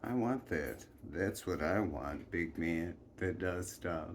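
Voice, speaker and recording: Guy doing a spoiled whiny little chieftain, slow and low, keeps demanding stuff. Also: expressive, very noisy.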